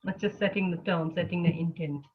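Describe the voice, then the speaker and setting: A woman leads a loving-kindness meditation with a calm, unhurried delivery. Her words come softly and slowly. The sound is thin and phone-like, as over a video call. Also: lowish voice, husky. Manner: gentle, soothing, speaks slowly. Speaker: meditation teacher. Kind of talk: guided meditation teaching. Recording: lo-fi phone-like audio.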